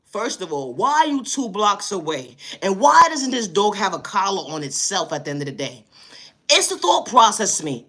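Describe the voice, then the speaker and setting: Animated New York woman ranting. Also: mid-range voice, moderate pace, breathy edge. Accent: New York City. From New York City. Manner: animated, repeats catchphrases, slangy and exasperated. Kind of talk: comedic storytelling rant.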